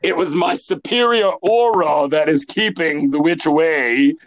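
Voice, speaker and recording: A man co-hosting a podcast in casual chat, telling stories in an animated way with lots of fillers. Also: a little high, a little slow, low-quality recording. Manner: animated, filler-heavy storytelling. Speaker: podcast co-host.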